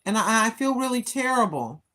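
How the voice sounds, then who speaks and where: A woman's voice: a little high, very animated, moderate pace, pushed and bright. An older woman talking casually and preachily while live-streaming on a walk, recorded on her phone. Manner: chatty, preachy, talks to herself. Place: outdoors on a walk.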